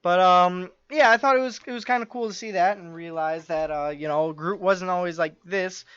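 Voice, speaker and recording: A man's voice: high voice, moderate pace, fairly bright tone, smooth, dry recording. A man co-hosting a podcast in casual chat, rambling eagerly with many fillers and restarts. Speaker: podcast co-host. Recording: dull lo-fi dry recording.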